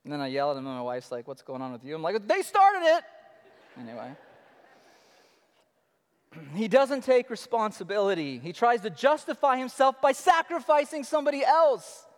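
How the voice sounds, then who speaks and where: A man in his thirties preaching a sermon as pastor, animated, swinging between loud emphasis and quiet asides. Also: high-pitched, normal speed. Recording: long hall reverb.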